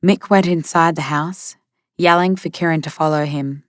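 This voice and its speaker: Steady woman narrating an audiobook. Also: low voice, no room sound, studio quality. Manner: measured, steady. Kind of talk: scripted narration.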